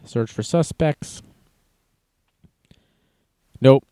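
A man's voice: medium pitch, very slow, warm tone, clear, resonant tone, no room sound. A man casually reading news aloud and adding wry, jokey asides as an online commentator.

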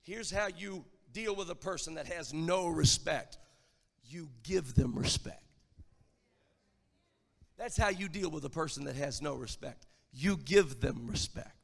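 A man preaching a sermon, emphatic and rising to shouted lines. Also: fairly high pitch, expressive, measured pace, vocal fry, in a large hall. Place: church.

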